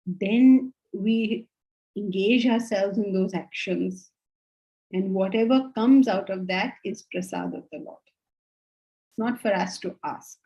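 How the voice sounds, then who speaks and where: A woman teaches a Vedanta class in a slow, mellow, medium-pitched voice, captured on a rough recording. She explains things patiently and frequently asks questions to make sure her students are following.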